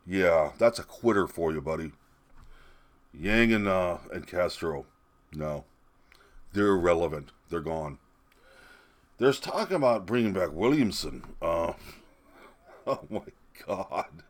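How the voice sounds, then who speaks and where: A man's voice: sits low, animated, takes it slowly, pauses often. A middle-aged man ranting sarcastically into a webcam, mocking and rambling with restarts. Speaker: political commentator.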